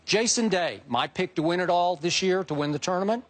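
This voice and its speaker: A middle-aged man on a sports debate show, laying out his picks with emphatic, building excitement. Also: sits high, fairly quick.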